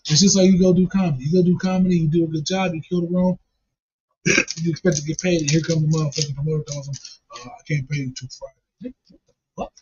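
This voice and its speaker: Man, husky voice, slightly high, rambling profane banter, dull lo-fi recording. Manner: rambling, repeats himself. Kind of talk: casual profane chat.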